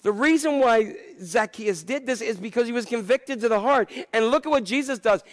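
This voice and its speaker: A man's voice: extremely high pitch, normal speed, few pauses. A middle-aged man preaching a sermon in a conversational, reflective way, with asides and restarts. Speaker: pastor.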